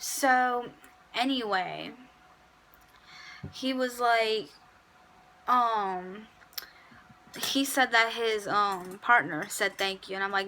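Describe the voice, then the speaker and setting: A woman's voice: on the high side, extremely slow, long pauses, bright, forceful tone, slight background noise, low-quality recording. A young adult woman in a casual storytime, telling a petty workplace story in a chatty, sassy way. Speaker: vlogger.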